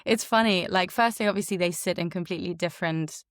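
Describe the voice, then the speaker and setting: A woman with a hybrid, hard-to-place international accent and German as her first language talks in a podcast interview. Her voice sits a little low, and she chats in a lively way with plenty of "like". The sound is close and dry. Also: quick pace, no echo. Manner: lively, chatty, heavy use of "like". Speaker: voice actor guest.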